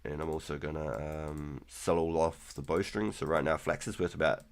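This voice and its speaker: A man in his thirties casually chatting through a live game stream, relaxed and rambling, with keyboard clicks behind him. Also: a bass voice, normal speed, slight background noise. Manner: relaxed, rambling, repeats words. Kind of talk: casual gameplay commentary.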